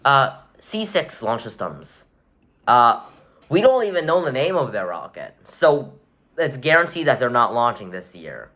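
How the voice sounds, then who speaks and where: A man's voice: mid-range voice, sing-song, unhurried, pushed and bright. A man giving casual, rambling commentary as a vlogger, with wry sarcastic asides and frequent self-corrections. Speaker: vlogger rating rockets. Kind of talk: casual tier-list commentary.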